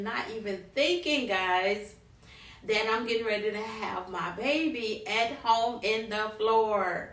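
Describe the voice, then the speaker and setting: A middle-aged woman vlogger, an animated storyteller speaking straight to her viewers. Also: mid-range voice, slow. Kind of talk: personal story time. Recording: roomy, from a distance.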